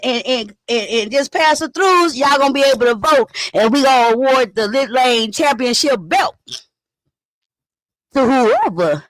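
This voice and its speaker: A high-pitched woman, hosting a live stream in loose, animated chatter. She swears freely and retells online drama with dramatic flair. Her voice sounds close and dry, with little room around it. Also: no echo. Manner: animated, profane, dramatic retelling with gasps and laughs. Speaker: YouTube commentary host. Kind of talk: casual live-stream commentary.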